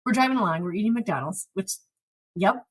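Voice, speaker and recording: Husky woman telling a lively story. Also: medium pitch, fairly quick. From South Dakota. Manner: animated, laughing storyteller. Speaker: podcast host. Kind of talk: casual storytelling chat.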